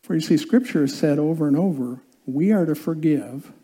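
A man's voice: fairly high pitch, moderate pace, dark tone, slightly rough. A male pastor preaching a sermon in a conversational way, often asking the congregation questions.

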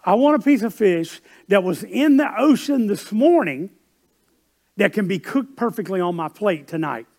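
A man acting out a demanding middle-aged mother, commanding and insistent, pitched well above his own voice and pressing each word. She gives orders rather than asking. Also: animated, moderate pace, darkish tone.

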